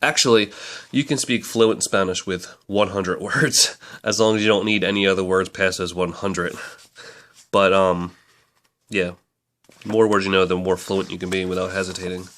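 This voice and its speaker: A man's voice: deep voice, fairly even intonation, normal speed, a bit bright. A man casually reviewing a language book, chatty and rambling, often correcting himself mid-sentence.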